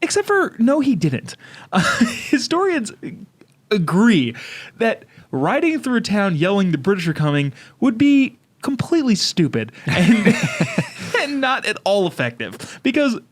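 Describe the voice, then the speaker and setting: A man with a Californian accent co-hosting a podcast in casual chat, animated and laughing often. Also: a little slow. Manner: animated, laughs often, jumps up in pitch when excited. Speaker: podcast co-host.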